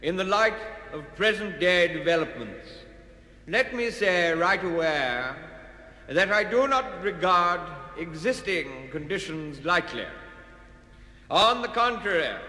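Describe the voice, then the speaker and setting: A pompous, bright-voiced windbag politician. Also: male voice, high-pitched, full character voice. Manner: pompous, orotund, evasive speechifying. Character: pompous windbag male politician, middle-aged. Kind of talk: comic political speech recording. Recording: echoey hall reverb.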